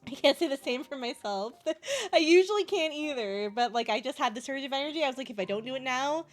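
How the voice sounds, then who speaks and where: A woman's voice: high-pitched, animated, fairly quick, faint music behind. A bubbly young woman from Canada chatting casually with her stream chat, giggling often and gushing over cute things.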